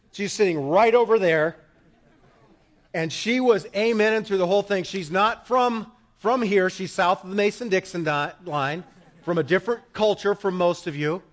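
A middle-aged male pastor preaching in a church, swinging from loud proclaiming to quiet asides with the congregation. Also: high-pitched. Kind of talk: sermon. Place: church sanctuary. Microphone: microphone.

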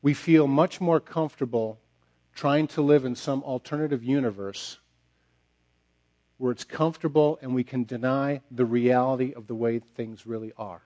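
Pastor, male, mid-range pitch, sermon delivery, emphatic with repeated lines. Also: normal speed. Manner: emphatic, repeats phrases and drops to a quiet close.

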